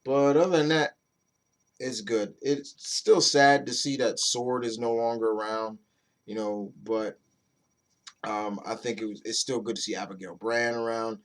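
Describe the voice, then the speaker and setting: In a casual, chatty way, a man with a medium-pitched voice rambles through a review of a comic book. He curses from time to time and frequently starts his sentences over, speaking a bit slowly with fairly level intonation.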